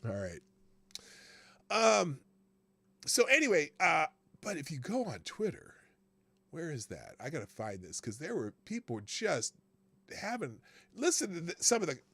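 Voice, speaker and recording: A man's voice: on the high side, huge pitch swings, a little slow, pauses often, a bit bright, dry recording. A man hosting a live political talk stream, talking casually and laughing often, greeting viewers by name.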